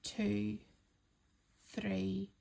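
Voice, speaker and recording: A woman calmly talking learners through a crochet pattern step by step, counting stitches aloud and reassuring them. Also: mid-range voice, extremely slow, vocal fry. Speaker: crochet instructor. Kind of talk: step-by-step craft tutorial.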